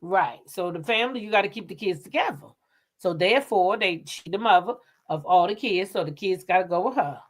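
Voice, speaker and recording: A woman's voice: fairly low pitch, lively intonation, a little fast. A woman hosting a casual gossip chat about reality TV. She talks bluntly and acts out what people should have said.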